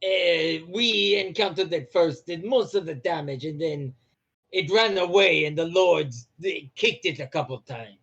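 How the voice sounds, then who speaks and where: A man's voice: a little high, measured pace, a bit bright. A man playing at a tabletop game, speaking in a dry, wry way. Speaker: player. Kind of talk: casual tabletop chat. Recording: dull lo-fi sound.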